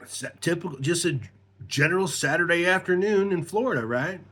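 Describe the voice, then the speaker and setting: A man's voice: fairly high pitch, a little fast, a bit bright. A middle-aged man telling a rambling, profane personal story in casual talk, laughing as he goes.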